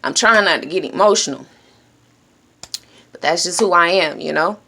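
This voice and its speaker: A woman giving an earnest, encouraging self-help talk straight to her viewers. She speaks directly and plainly, now and then dropping into hushed shushing. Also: lowish voice, moderate pace, creaky. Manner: drops to a hushed whisper when shushing. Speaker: vlogger.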